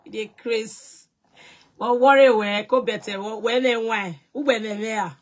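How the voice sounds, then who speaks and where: A Nigerian woman, an actress and producer, scolding someone loudly on a live stream and mixing in Pidgin English. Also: unhurried, slight background noise. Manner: loud and scolding, mixing Pidgin English, big swings in pitch and volume.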